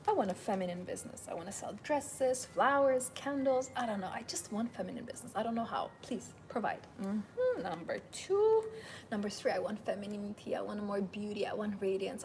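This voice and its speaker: Animated woman giving a seminar. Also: fairly high pitch, a little hiss or hum, low-quality recording. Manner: animated, emphatic, repeats itself. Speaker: seminar host. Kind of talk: live seminar talk.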